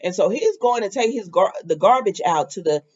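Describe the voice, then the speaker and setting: Brief: woman recap host, lively swooping delivery, chatty, muffled lo-fi audio. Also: medium pitch, brisk. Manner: animated and chatty, with laughing asides. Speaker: soap opera recap host. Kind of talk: casual recap chat.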